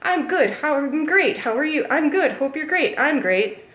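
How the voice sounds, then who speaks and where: A woman putting on the voice of a bubbly, rambling male plant vlogger, high and loud. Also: animated, moderate pace, roomy sound.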